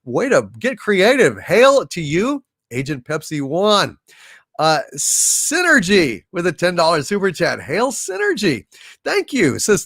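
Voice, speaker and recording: A male livestream host reading out viewer messages in a lively, exclamatory way, often breaking into disbelieving outbursts. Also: on the high side, a little slow, no echo, clean studio sound.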